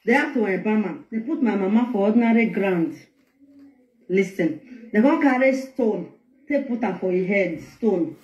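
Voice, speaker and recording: A woman's voice: medium pitch, animated, normal speed, darkish tone. Nigerian woman in a roomy, dull replayed clip. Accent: Nigerian Pidgin English. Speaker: video clip speaker. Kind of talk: personal storytelling.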